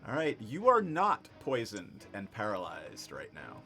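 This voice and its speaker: A man on the low side of the pitch range, his voice swooping wildly, pushed and bright, speaks a little slowly as he game-masters a tabletop session. He narrates over online voice chat, laughing easily with his players, while faint music plays behind.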